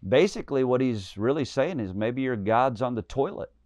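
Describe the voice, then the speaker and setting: A man's voice: mid-range voice, expressive, normal speed, a little mellow, dry recording. A man preaching a fiery, emphatic sermon, with bold declarations and mocking asides.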